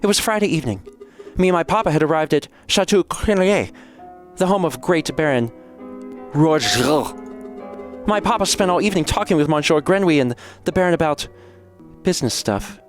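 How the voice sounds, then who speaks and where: A man's voice: on the high side, expressive, moderate pace, faint music behind, pitched above the performer's own voice, close to an everyday voice. A man voicing a young noble cat girl who is sweet, chatty and naive, talking in a bubbly, breathless way.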